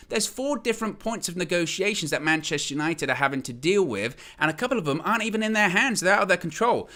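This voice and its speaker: A man's voice: on the high side, sharp tone. A young man presenting a football talk show, ranting with passion and hammering his points home again and again. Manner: impassioned ranting, repetitive emphasis. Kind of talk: opinionated football transfer talk.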